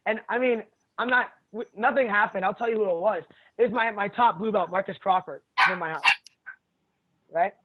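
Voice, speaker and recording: High-voiced man, blunt, over a tinny line. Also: normal speed. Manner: blunt, profane, laughs often. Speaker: jiu-jitsu instructor, podcast guest. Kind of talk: casual storytelling chat. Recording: tinny phone-like sound.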